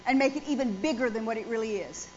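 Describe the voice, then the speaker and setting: High-voiced woman preaching a sermon. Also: fast talker. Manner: emphatic, asks the congregation questions. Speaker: pastor. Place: church. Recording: dull lo-fi sound with faint noise.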